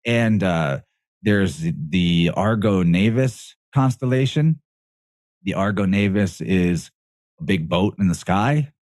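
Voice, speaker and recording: A man's voice: low-pitched, lively intonation, slow, a little mellow, no room sound, clean studio sound. A man speaking as a guest on a podcast, explaining in a casual, rambling way, often correcting himself and laughing mid-sentence.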